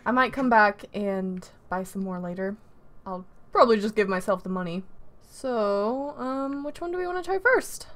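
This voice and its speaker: A woman gamer giving casual, excitable, giggly let's-play commentary. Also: medium pitch, moderate pace.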